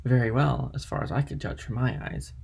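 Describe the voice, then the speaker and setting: A man with a gravelly, husky voice voicing a dutiful young male ship's mate in an audiobook reading. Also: mid-range voice, a little fast, darkish tone. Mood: earnest.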